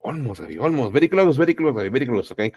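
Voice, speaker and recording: A man's voice: medium pitch, big pitch swings, rapid-fire, darkish tone, husky, no echo. A man teaching an English class, encouraging students and saying "okay" and "exactly" again and again. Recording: dull lo-fi sound.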